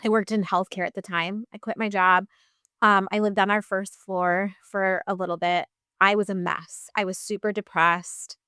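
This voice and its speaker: A woman's voice: mid-range voice, flat delivery, moderate pace, bright, forceful tone, clean tone, no echo, studio quality. A woman in her thirties, a podcast guest telling her personal story in a casual, chatty way full of fillers.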